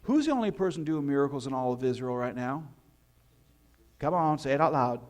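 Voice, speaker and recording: A man preaching a sermon as pastor, telling the story in an animated way and putting questions to the congregation. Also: medium pitch, a little fast.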